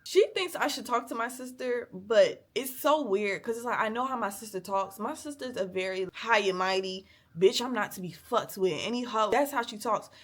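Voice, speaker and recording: A woman's voice: a little high, moderate pace, hardly any pauses, fairly bright tone. Young woman vlogger, candid emotional rant, cusses freely. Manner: blunt, profane, emotional venting.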